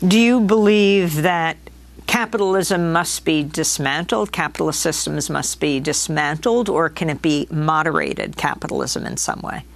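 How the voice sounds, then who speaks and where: A woman's voice: low-pitched, lively intonation, normal speed, vocal fry. A woman hosting an interview who asks brief, pointed questions. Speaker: interviewer host.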